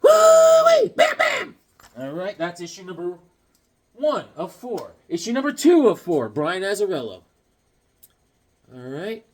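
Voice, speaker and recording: In a high voice at a measured pace, pausing often, a man shares a casual childhood story and shows comics he owns. He's animated, slipping in acted-out yelps and voices as he talks.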